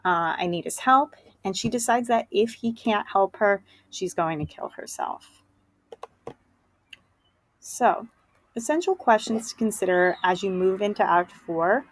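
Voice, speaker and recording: A woman's voice: medium pitch, measured pace, long pauses, dry recording, low-quality recording. A woman teacher giving a casual, chatty lesson summary, full of fillers.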